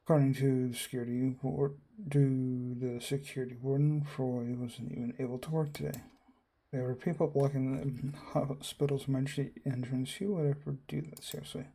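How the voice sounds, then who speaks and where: Gravelly man reading a visual novel. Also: mid-range voice, flat delivery, moderate pace, mellow. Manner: reads all characters and narration in his own voice, reacting aloud. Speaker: game streamer.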